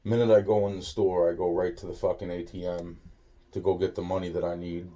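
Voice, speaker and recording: Low husky man telling a rambling story. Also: little pitch movement, a little fast, dark tone. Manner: rambling, profane, many restarts. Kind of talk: casual spoken anecdote.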